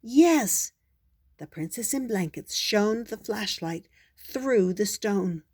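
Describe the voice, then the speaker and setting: Older woman, storybook reader; slow, gentle, unhurried delivery. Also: mid-range voice. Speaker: storyteller grandmother. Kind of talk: reading a children's book aloud.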